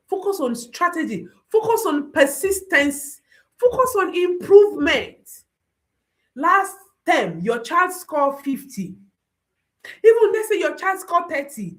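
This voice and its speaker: A woman coaching parents in a motivational talk, her voice set a little high and swinging widely in pitch. She drives each point home by repeating short phrases as refrains. Her voice rises and drops sharply for emphasis.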